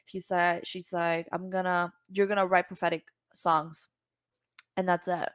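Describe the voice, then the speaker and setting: Animated woman telling a story, dry sound. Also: measured pace, smooth, no echo. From Cuba. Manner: animated, acts out quoted voices with big pitch jumps. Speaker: podcast guest, singer. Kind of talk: casual storytelling.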